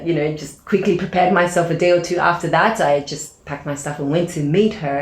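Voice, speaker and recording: Low-voiced woman telling a story in a roomy space. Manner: animated storyteller, acts out quoted dialogue, many fillers. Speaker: podcast guest, aid organization founder. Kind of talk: casual storytelling interview. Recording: roomy echo.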